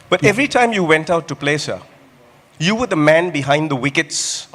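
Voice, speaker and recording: A man's voice: on the high side, animated, measured pace, a bit bright. A man hosting an awards show, teasing his guests with playful questions. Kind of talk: stage interview. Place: large indoor awards hall. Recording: reverberant hall.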